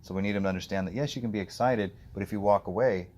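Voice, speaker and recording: A man working as a dog trainer, coaching an owner outdoors in an animated, explanatory way. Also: on the low side, very fast, a little hiss or hum. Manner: explanatory, animated, acts out the dog's thoughts.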